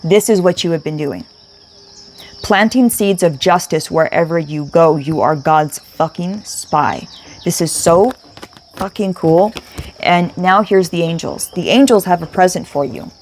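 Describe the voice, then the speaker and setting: A woman's voice: on the low side, unhurried, a little mellow, slight background noise. A woman giving an emotional spiritual tarot reading, speaking emphatically, repeating herself and swearing casually. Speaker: tarot reader.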